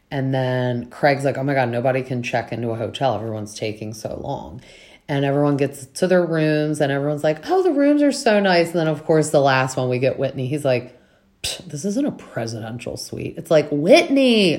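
A woman's voice: very deep voice, a little mellow. A young woman hosting a casual recap show, chatting with lots of fillers and acting out what the cast said. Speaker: podcast host recapping reality TV.

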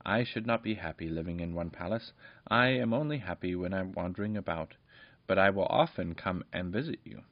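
A man voicing a modest wandering peddler in a gentle storybook reading, on a dull lo-fi recording. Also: sits low, a little fast, no room sound. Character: humble wandering male peddler.

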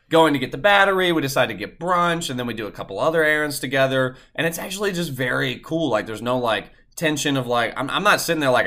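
A man's voice: medium pitch, bright, forceful tone. A young man telling a long personal story in casual chat, swearing often and filling with "like". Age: young adult. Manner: profane, rambling, heavy on "like".

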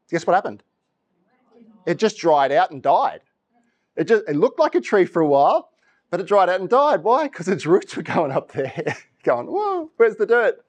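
Animated man preaching. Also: high voice. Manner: animated storytelling, laughs often, acts out voices. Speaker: pastor. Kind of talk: sermon.

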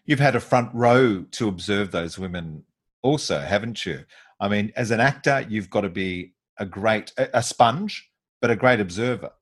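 A man's voice: on the low side, animated, normal speed, husky. A man interviewing a guest, asking prompting questions in a conversational way.

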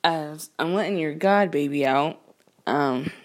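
A woman telling a casual storytime about a run-in with her neighbor, indignant and animated, full of slang and swearing, from her home. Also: low voice, measured pace. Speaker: storyteller recounting a neighbor dispute.

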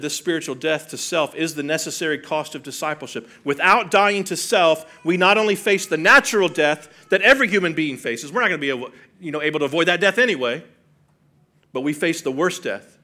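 A man preaching a sermon, earnest and full of rhetorical questions, swinging from hushed and soft to loud and emphatic. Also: fairly high pitch. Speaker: pastor.

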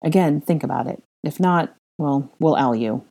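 A woman reading a young adult male wizard with a coaxing, gently insistent manner. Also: low voice, normal speed, vocal fry. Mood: earnest.

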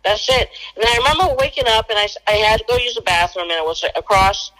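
A woman's voice: mid-range voice, quick pace, fairly bright tone, low-quality recording. A woman telling a personal story as a guest in a casual conversation, acting out the quoted lines. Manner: acts out quoted dialogue.

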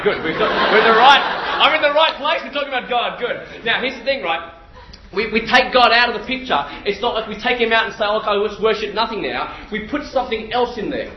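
A man in his thirties delivers a sermon in a high, animated voice, piling up repeated phrases as he tells a story. The sound is roomy, with a slightly dull tone and a faint background hiss. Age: 30s. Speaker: preacher.

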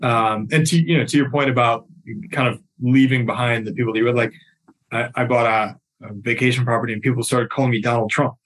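A man's voice: mid-range voice, fairly even intonation, fairly quick, fairly bright tone. Hesitant man guest, casual. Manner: hesitant, many restarts. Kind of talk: casual podcast conversation.

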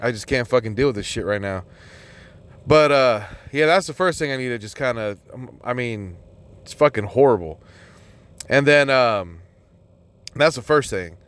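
A man's voice: mid-range voice, lively intonation, normal speed, pauses often, fairly bright tone. A man hosting his own podcast, ranting in an exasperated, rambling way with constant swearing and lots of fillers. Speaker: podcast host. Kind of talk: profane solo podcast rant.

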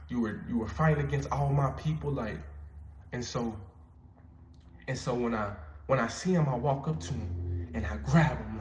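A man with a mid-range voice tells a story in a loose, casual way. He speaks earnestly and circles back to repeat his words. His voice carries a roomy echo. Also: mid-range voice. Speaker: podcaster.

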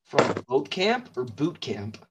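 A teenage boy in casual chat with friends, reacting loudly and laughing easily. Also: mid-range voice, big pitch swings, takes it slowly. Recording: noisy home recording.

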